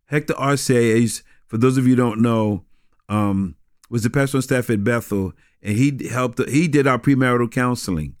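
A man, a pastor talking in a casual interview, halting and repeating words, laughing often. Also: medium pitch, no room sound, studio quality. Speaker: pastor and guest.

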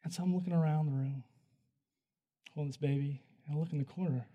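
A man preaching a sermon, telling a story in a conversational way that moves between hushed, quiet passages and loud, excited ones. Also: fairly high pitch, quick pace, lo-fi sound.

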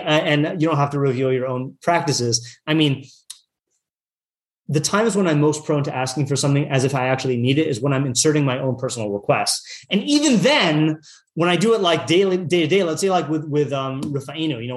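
Man, Torah teacher, slightly higher voice, chatty and digressive, reads then translates. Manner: chatty, full of fillers, reads Hebrew text then translates. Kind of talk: casual text study class.

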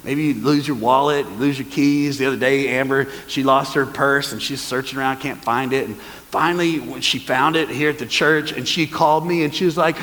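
A man preaching a sermon as pastor, lively and calling on the congregation to answer back. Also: medium pitch, fairly quick, in a large hall, a faint crowd, poor audio. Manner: lively, calls for congregation responses. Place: church hall.

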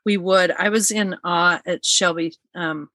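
A woman's voice: lowish voice, steady tone, a little slow, sharp tone, no echo. A woman telling a personal story in casual chat, earnest and heartfelt, acting out what people said. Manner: earnest, heartfelt, acts out quotes.

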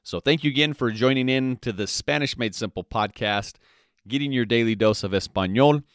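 Saying each phrase twice with a translation, a man teaches Spanish on his podcast in a slow, repetitive style, pausing to ask "okay?" and say "all right." His voice is mid-range. The recording is studio quality with no echo.

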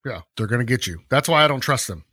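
A man rants in casual podcast chat with animated energy. His pitch sits in a middle range, and he jumps between quick put-on voices and frequent laughs. The sound is dry and close, with no room around it. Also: no echo. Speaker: podcast co-host.

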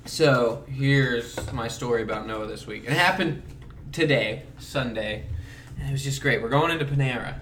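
A man's voice: mid-range voice, normal speed, a bit bright, distant mic, a little hiss or hum. A young man chatting casually with friends on a podcast, rambling in a laid-back way and laughing often. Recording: echoey room, off-mic.

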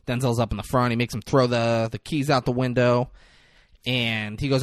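A man in casual chat, retelling a film scene with lively acted-out lines and plenty of swearing. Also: medium pitch, normal speed, no echo, studio quality. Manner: animated storyteller, acts out lines, swears freely.

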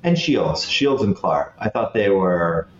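A man's voice: low-pitched, expressive, slow pace, echoey room, highs cut off. A man in his late fifties, a guest telling stories in a chatty, self-deprecating way with many restarts. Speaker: guest, former head boy. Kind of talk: casual conversation.

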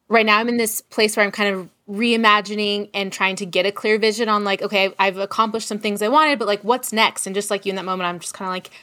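A woman's voice: medium pitch, fairly bright tone. A woman in casual conversation, reflecting and thinking aloud, with plenty of fillers like "like" and "kind of". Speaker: coach.

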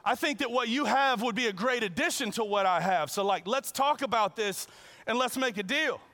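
A man's voice: very high-pitched, normal speed, sharp tone, pitched above the performer's own voice, exaggerated voice. A man voicing a boastful, self-righteous rich young man who brags and pleads in a whiny way. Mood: pleading. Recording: long reverb in a large hall.

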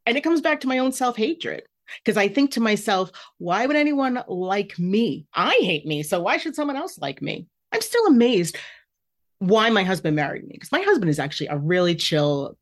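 A woman hosting her own podcast, talking candidly and emotionally about her feelings. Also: lowish voice. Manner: candid, emotional, self-reflective. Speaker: podcast host. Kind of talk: personal podcast monologue.

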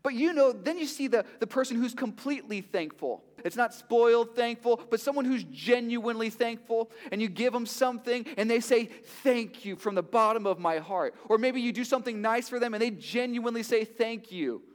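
A man's voice: extremely high pitch, brisk, hardly any pauses, big-room sound. A male pastor preaching a sermon, talking with the congregation and asking them question after question. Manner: conversational preaching with rhetorical questions.

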